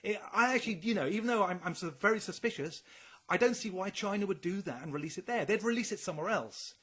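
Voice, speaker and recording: A man's voice: sits high, animated, fast, fairly bright tone. A man co-hosting a casual podcast chat, rambling and speculating, swearing often. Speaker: podcast co-host.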